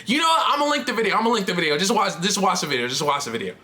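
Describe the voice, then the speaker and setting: Trans woman vlogger, bright, lively and candid, laughs a lot. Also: mid-range voice, racing. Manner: candid, rambling, laughs often, swears casually. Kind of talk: casual confessional chat to camera.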